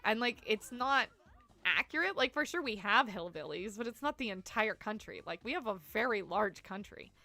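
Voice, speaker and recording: Bright chatty woman streaming. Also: fairly high pitch, lively intonation, normal speed, dry recording. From Canada. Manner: chatty, rambling, full of "like" fillers, laughs often. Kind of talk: casual gameplay commentary, chatting with viewers.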